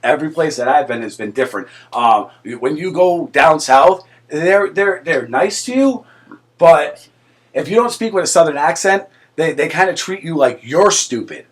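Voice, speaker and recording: A man's voice: a little high, animated, normal speed. A man co-hosting a casual chat show, talking loosely, joking, swearing and laughing often. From East Coast of the United States. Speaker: co-host.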